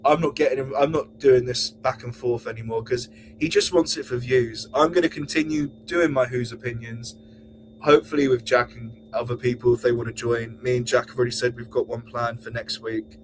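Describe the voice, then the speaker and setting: A man hosting a podcast, ranting angrily and swearing, sometimes mocking others in a high voice. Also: fairly even intonation, brisk, background noise. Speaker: podcast host. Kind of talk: heated podcast rant.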